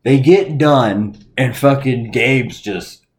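A middle-aged man co-hosting a podcast tells a story in casual chat, laughing often and swearing freely. He speaks slowly in a mid-range voice.

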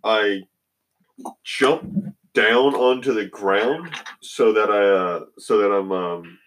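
A man's voice: fairly low pitch, slow, fairly bright tone, slight background noise, rough recording. A man playing a tabletop game, thinking aloud with many fillers as he describes his moves. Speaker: player. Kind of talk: casual play at a game table.

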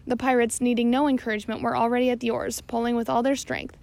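A woman's voice: fairly high pitch, flat delivery, quick pace, vocal fry, darkish tone. A woman narrating an audiobook chapter, reading steadily with occasional slips and self-corrections. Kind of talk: scripted narration.

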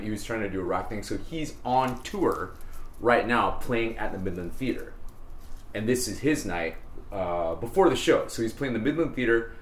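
A man's voice: lowish voice, a bit bright, slight background noise. A man hosting a casual podcast with his bandmates, telling a rambling anecdote with laughs. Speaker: band leader and podcast host. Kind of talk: casual storytelling among friends. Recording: roomy mic with faint ambience.

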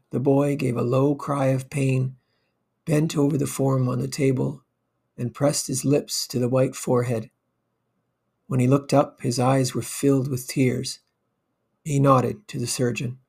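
A man reading an old short story aloud in a measured, even way. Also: mid-range voice, creaky, slightly rough. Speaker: narrator.

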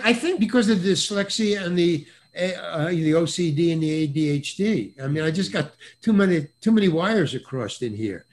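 An older man, a guest actor, telling stories in casual chat over a video call, with stammering restarts and animated voices for the people he quotes. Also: a little high. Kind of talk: casual anecdotal storytelling.

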